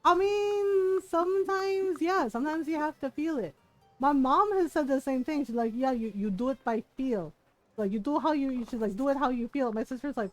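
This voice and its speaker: A woman's voice: sits high, moderate pace, faint music behind. A woman streaming a game, chatting casually and telling stories, acting out what her family said. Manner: chatty anecdotal storytelling, acts out family quotes. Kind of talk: casual live-stream chat while playing.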